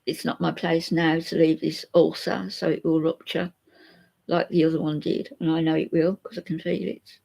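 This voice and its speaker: A woman's voice: low-pitched, flat delivery, normal speed, gravelly, mellow. An older woman, chatting openly to viewers in a rambling way and reading out their comments. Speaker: vlogger chatting to live viewers. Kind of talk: emotional live chat.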